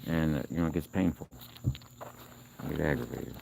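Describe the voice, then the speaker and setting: Low gravelly guy on a live stream, crickets and bugs loud in the background. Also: moderate pace. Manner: chatty, coaxing and scolding animals. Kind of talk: casual live stream chat. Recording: outdoor noise with crickets.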